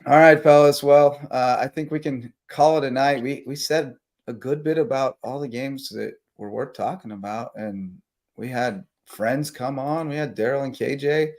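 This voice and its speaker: A man hosting a late-night live sports talk show, chatting casually and rambling through sponsor shout-outs while tired. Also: mid-range voice, moderate pace. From South Carolina Lowcountry.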